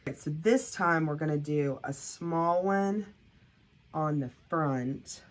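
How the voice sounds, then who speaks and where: A woman's voice: sits low, slow. A woman narrating a DIY craft project in a casual, chatty, self-deprecating way, thinking aloud as she works and sniffling a little. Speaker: craft vlogger.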